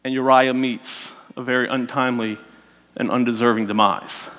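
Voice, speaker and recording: A man preaching a sermon as a lively story, acting out the characters' voices and adding joking asides. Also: medium pitch, normal speed, long reverb tail. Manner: animated, voices the characters, self-mocking asides.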